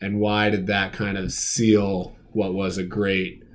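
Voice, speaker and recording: A man's voice: low voice, completely flat delivery, slow pace, a little hiss or hum. Joking, enthusiastic male podcast host. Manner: enthusiastic, joking, gives shout-outs. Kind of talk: casual podcast interview.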